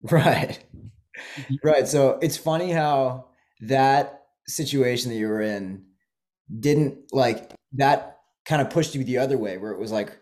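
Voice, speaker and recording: A man hosting a podcast in casual interview style, relaxed and reactive, swearing now and then. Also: mid-range voice, takes it slowly. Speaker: podcast host.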